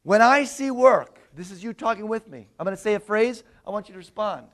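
A man preaching a sermon to a congregation, animated and quizzing his listeners with questions. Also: sits high, quick pace. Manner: animated, asks the audience questions.

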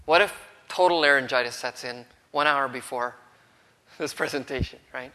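A man preaching a sermon with a cold, earnest and dropping to a hush when he quotes. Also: medium pitch, normal speed, big-room sound. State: has a cold, throat strained.

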